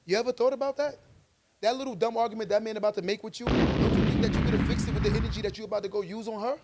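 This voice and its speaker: A man's voice: high-pitched, fairly even intonation, rapid-fire, very noisy. A man co-hosting a podcast, arguing his view with emphatic, preachy conviction and telling stories along the way. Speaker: podcast co-host. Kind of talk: casual debate chat.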